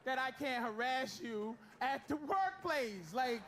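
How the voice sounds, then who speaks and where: A middle-aged man doing stand-up crowd work, teasing people in the audience, swinging from shouts to mutters. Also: extremely high pitch, lively intonation, takes it slowly. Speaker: stand-up comedian. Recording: loud noisy live club recording.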